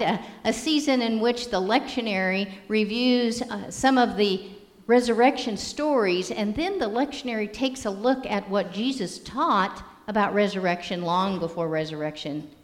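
A woman pastor giving a sermon in a measured, storytelling manner. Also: medium pitch. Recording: long reverb of a hall.

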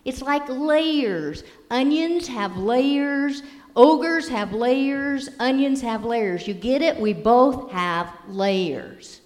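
A woman voicing an exasperated male ogre, explaining slowly and emphatically. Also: sits high, a little mellow, pitched above the performer's own voice. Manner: patient, slow, emphatic explaining. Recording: long hall reverb.

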